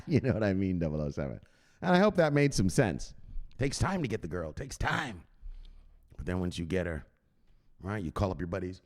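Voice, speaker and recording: A man hosting a crypto channel, chatting excitedly and profanely, who shouts out exclamations and then drops to low mutters. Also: brisk, long pauses. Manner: swings between loud bursts and low mutters. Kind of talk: excited unscripted livestream chat.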